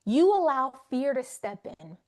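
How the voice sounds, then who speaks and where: A woman's voice: high voice, sing-song, unhurried, a little mellow. A woman hosting a live faith coaching session, speaking conversationally and emphatically to her audience. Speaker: faith wellness coach and host.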